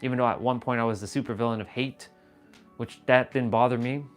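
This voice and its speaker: A man's voice: mid-range voice, steady tone, brisk, soft background music. Earnest swearing man on a live stream. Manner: earnest, swearing, repeats himself, addresses chat viewers as brother. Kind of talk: casual spiritual live stream talk.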